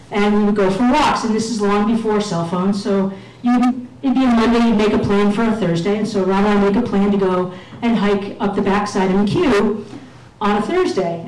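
A woman's voice: mid-range voice, darkish tone. Woman telling a story, echoey hall. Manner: self-mocking, acts out voices of others. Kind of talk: live personal storytelling. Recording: echoey room, mic at a distance.

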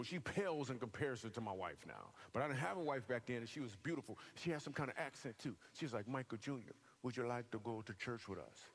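A man's voice: mid-range voice, a little hiss or hum. A man from Michigan, a comedian, telling a funny personal testimony to a church audience and acting out other people's voices. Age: adult. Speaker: comedian and guest speaker. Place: church hall with a live audience.

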